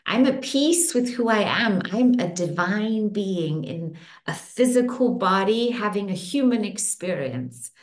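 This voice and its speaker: A middle-aged woman leads a group through guided tapping and affirmations, speaking slowly with a lively, rising and falling voice. Her soothing lines repeat in a steady rhythm. The recording has a noticeable room echo. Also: mid-range voice. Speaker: facilitator leading a women's circle. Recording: echoey room.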